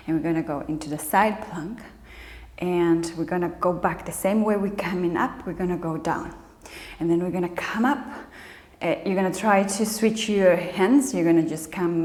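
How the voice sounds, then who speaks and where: In a lowish, darkish voice, a woman guides a yoga class, counting breaths and naming poses, her phrasing slightly non-native. The room is echoey, with a long reverb.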